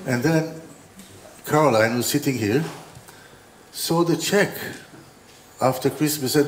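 A man's voice: mid-range voice, slow pace, pauses often, a little hiss or hum. A man giving an informal opening talk as a designer, telling rambling anecdotes with restarts and dry humor. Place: exhibition hall. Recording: roomy hall with faint ambience.

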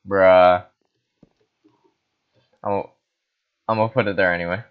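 Man, from the Philippines, tipsy, casual gaming commentary, jokey, erratic, wildly swinging pitch. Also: sing-song, normal speed, long pauses, fairly bright tone. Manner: erratic and jokey, with sudden screams. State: tipsy from wine. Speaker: gaming host. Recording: dull lo-fi recording.

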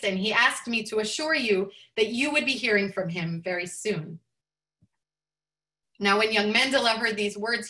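Bright, high-voiced woman rabbi telling a story. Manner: expressive, lifts her voice for quoted speech. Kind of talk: storytelling teaching.

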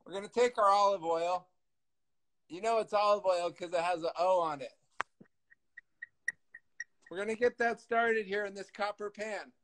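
A man's voice: sits high, moderate pace, long pauses, a little hiss or hum, poor audio. A man cooking on a live video call, chatting casually and joking about himself. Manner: joking, self-mocking, loud when leaning in. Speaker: guest cook.

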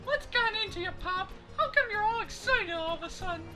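Man voicing a high, anxious young boatwoman. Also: lively intonation, a little fast, pushed and bright, faint music behind, exaggerated voice. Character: young woman boat captain's daughter, excitable.

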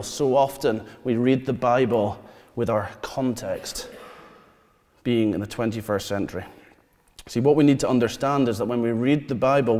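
A man, preaching a sermon. He tells stories and asks the congregation questions, dropping to quiet asides. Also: medium pitch. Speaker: pastor. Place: church hall. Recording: long church reverb.

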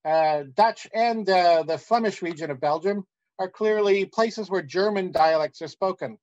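A man giving an academic conference talk, measured and pausing often with "uh.". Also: high voice, a little mellow, highs cut off. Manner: measured, with frequent "uh" pauses. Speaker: academic lecturer.

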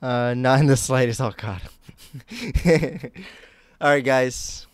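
A man's voice: medium pitch, slow, clear, resonant tone, no room sound. A young man from the United States chatting casually while live-streaming games, rambling and self-mocking. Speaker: game streamer.

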